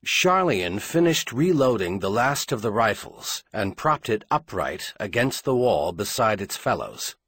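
A man narrating an audiobook in measured, dramatic storytelling. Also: on the low side, sing-song, a bit bright, husky, no room sound.

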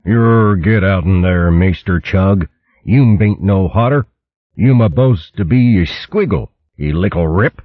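A gruff, rustic mole, played by a man, drawling slowly in a thick country dialect. The voice is low and husky, with a slightly muffled sound. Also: dry recording.

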